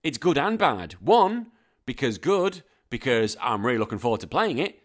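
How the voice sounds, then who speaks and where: A British man hosts a casual podcast, talking into his microphone in an animated, ranting way. He swears freely and keeps a middling pitch. He sounds at home behind the mic. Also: moderate pace. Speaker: podcast host.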